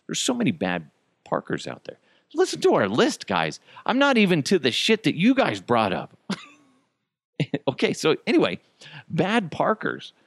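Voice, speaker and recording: A man's voice: medium pitch, no echo, clean studio sound. A middle-aged man hosting a podcast, ranting casually about everyday annoyances, swearing freely and chuckling as he goes. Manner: profane, chuckling, exasperated venting. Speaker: podcast host.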